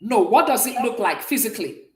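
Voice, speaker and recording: A woman's voice: mid-range voice, animated, brisk, a crowd in the background. Woman teacher going over french letters, lots of ups and downs in her voice, kinda echoey room. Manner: patient, repeats and checks understanding often. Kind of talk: classroom language lesson.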